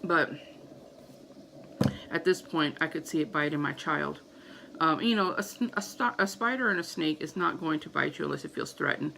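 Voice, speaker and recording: A woman's voice: sits low, normal speed, vocal fry, noisy background. A woman in her thirties telling a story casually to camera as a vlogger, acting out her own panicked reactions.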